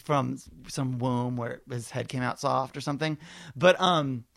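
Animated, foul-mouthed male storyteller. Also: medium pitch, a little slow, vocal fry, dry recording. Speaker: podcast host. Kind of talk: casual chat.

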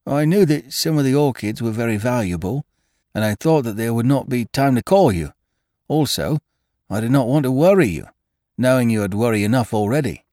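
A man's voice: medium pitch, expressive, brisk, warm tone, no echo, studio quality, voice pushed up, natural voice. A man voicing a nervous, respectful gardener who tells his tale earnestly to his employer. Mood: earnest, uneasy. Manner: earnest, respectful, addresses others as sir. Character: nervous deferential male gardener, working man.

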